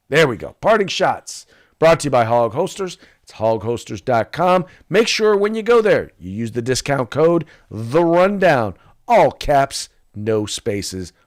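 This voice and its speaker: Halting male podcast host. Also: medium pitch, big pitch swings. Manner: halting, many restarts and fillers; reads sponsor spots. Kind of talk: casual political commentary.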